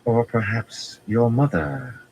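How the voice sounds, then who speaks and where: A cool, commanding young noblewoman who draws every word out in a slow, honeyed drawl, as a man puts her on in his reading. The voice is pitched well above the reader's own very deep register, yet still sits low for a woman. It is an audiobook reading set against a faint ambient hum. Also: lively intonation, rough recording.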